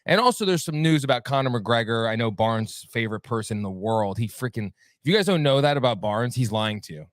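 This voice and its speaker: A man's voice: mid-range voice, animated, brisk, no echo, studio quality. A man hosting a sports talk show in a casual, rambling way, cracking sarcastic jokes between fillers. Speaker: podcast host. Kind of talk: casual chat.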